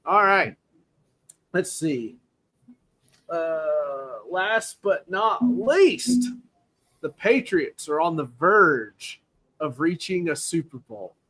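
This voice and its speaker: A man's voice: fairly high pitch, very animated, extremely slow, long pauses, a bit bright. A man hosting a casual football podcast, playfully spinning joking hypotheticals and laughing often. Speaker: podcast host. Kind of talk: casual sports talk.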